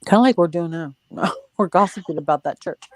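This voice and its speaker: A woman from Oregon and Washington co-hosting a live stream, supportive, laughing easily and talking fast. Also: lowish voice, no room sound. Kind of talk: casual chat on a live stream.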